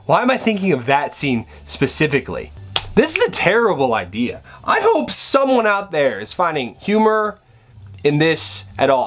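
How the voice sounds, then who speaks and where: A young man chats to camera from his room at home, rambling and joking at his own expense. He stumbles and restarts often, and his animated pitch jumps up and down as he goes. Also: normal speed. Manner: rambling and self-deprecating, with frequent restarts. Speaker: vlogger. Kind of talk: casual chat to camera. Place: bedroom at home, indoors.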